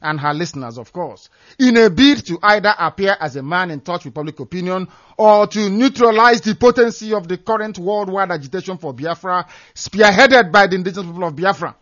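A man's voice: high voice, fairly quick, fairly bright tone, dry recording, lo-fi sound. A man from Nigeria, delivering scornful, emphatic political commentary as a radio broadcaster. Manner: fiery, scornful, emphatic, repeats phrases for stress.

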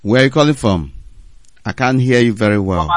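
A man's voice: medium pitch, animated, fairly quick, no room sound. A man hosting a radio call-in show, firm and insistent, repeating his prompts to callers.

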